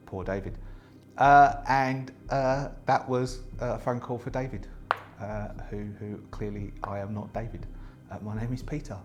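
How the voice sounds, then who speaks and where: Solo game host, male, middle pitch, relaxed thinking-aloud delivery, faint music bed. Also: moderate pace. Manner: chatty, thinks aloud with many fillers and restarts. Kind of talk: casual solo tabletop play, reading rules aloud.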